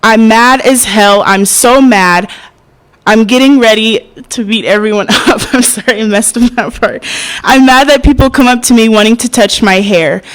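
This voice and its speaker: A young woman performing spoken word poetry at an open mic, hesitant and soft-spoken between poems, passionate when she recites. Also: fairly high pitch, moderate pace, smooth, poor audio. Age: young adult.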